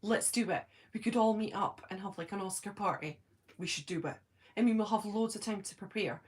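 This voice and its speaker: A woman's voice: medium pitch, fairly quick. Chatty Scottish woman on a livestream. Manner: chatty, giggly, self-deprecating, lots of ums. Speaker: host of a fan live stream. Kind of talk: casual live-stream chat, reading comments.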